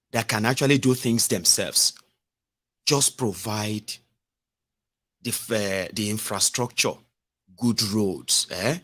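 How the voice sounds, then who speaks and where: A man's voice: fairly low pitch, fairly bright tone. A man with a Nigerian accent giving casual political commentary, rambling with fillers and slipping into pidgin asides.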